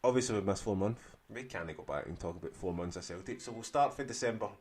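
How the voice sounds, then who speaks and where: A man's voice: lowish voice, quick pace, a little mellow. A young man with a Glasgow accent co-hosts a podcast. He talks bluntly and swears freely in laddish chat. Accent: Glaswegian. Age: young adult. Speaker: podcast co-host. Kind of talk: casual chat.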